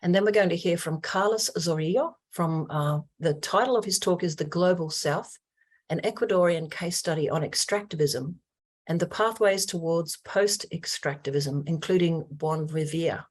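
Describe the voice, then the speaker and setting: An Australian woman with a low voice opens an online webinar as host. She speaks earnestly and formally, with plenty of ums and uhs along the way, heard over a video call. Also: normal speed.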